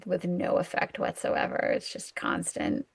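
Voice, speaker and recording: A woman acupuncturist chatting casually about patient cases, an animated storyteller who pokes fun at herself. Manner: animated storyteller, self-mocking, quick asides. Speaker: acupuncturist, co-host. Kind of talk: casual clinical chat.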